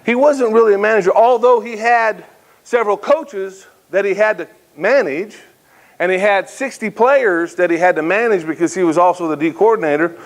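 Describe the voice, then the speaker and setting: Middle-aged guy giving a pep talk, folksy storyteller, kinda high voice, keeps asking the crowd "right?". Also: normal speed. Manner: folksy, animated storyteller, addresses audience with "right?". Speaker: keynote speaker. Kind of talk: motivational speech with storytelling.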